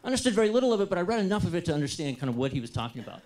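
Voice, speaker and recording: An American man talks to an audience with a slightly high voice. He tells a personal story in a lively, self-deprecating way. He makes jokes along the way. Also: racing. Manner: lively, self-deprecating and humorous, acts out his own past dialogue. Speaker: entrepreneur giving a talk.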